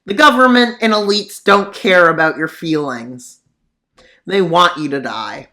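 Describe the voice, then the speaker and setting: Bright-voiced sarcastic mapping narrator. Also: mid-range voice, unhurried. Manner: sarcastic, rambling asides. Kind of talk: casual scenario commentary over a map.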